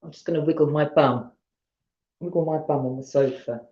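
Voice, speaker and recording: A woman with a Southern English accent streams live from her sofa at home, reading ghost stories and talking with viewers between them. Her deep, mellow voice moves at a normal speed, and the audio is roomy, dull lo-fi.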